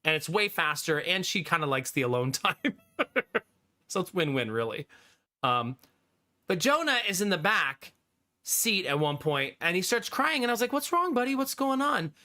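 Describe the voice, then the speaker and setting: A man's voice: fairly high pitch, big pitch swings, moderate pace, long pauses, sharp tone. A man in his thirties, a live streamer telling a story to his viewers in casual chat, laughing often and swearing freely.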